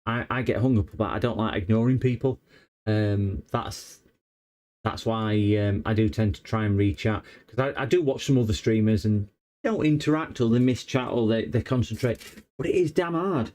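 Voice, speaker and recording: A man's voice: medium pitch, normal speed, darkish tone. A man chatting casually on a repair livestream, rambling and hesitant with many fillers. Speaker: electronics repair streamer.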